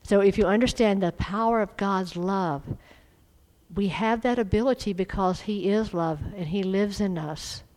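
A middle-aged woman preaching a sermon, fervent and emphatic, swelling into loud exhortation. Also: mid-range voice, moderate pace, poor audio.

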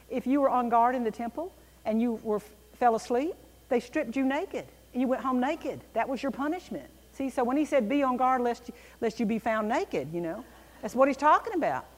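A woman teaching a Bible class in an animated, emphatic way, with a reverberant room around her. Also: fairly high pitch.

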